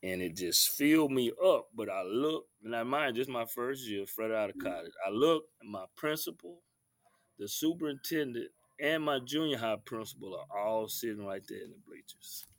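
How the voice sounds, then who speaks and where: A man, a basketball coach telling animated stories as an interview guest and acting out the referees. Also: mid-range voice, normal speed, no room sound, studio quality. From Texas. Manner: lively storyteller acting out referees and himself. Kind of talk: animated storytelling.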